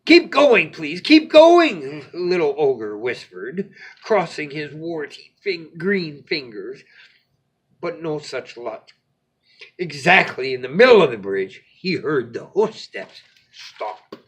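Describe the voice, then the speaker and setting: A man with a high, lively, bright voice reads a bedtime story slowly. His tone is slightly husky and playful. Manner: animated, playful.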